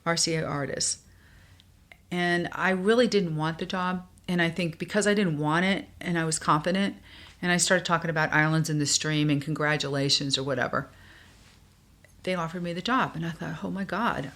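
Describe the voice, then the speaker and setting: An older woman from New York, a guest in a podcast interview, telling stories and acting out the voices of the people she quotes. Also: sits low. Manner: animated, acts out quoted voices.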